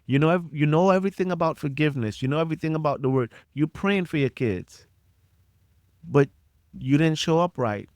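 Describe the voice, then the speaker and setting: A man's voice: on the high side, brisk, dry recording. A middle-aged man hosting a solo podcast, delivering a passionate, preachy rant straight at his listeners and repeating his points for emphasis. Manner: passionate, preachy direct address, repeats himself. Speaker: podcast host.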